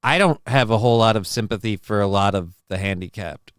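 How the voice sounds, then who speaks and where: A man's voice: lowish voice, fairly quick, a bit bright, clean tone, dry recording, clean studio sound. Defensive, rambling man livestreaming to chat. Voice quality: voice cracks. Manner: defensive, rambling, swears casually. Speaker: livestream host reading chat. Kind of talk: casual live-stream chat.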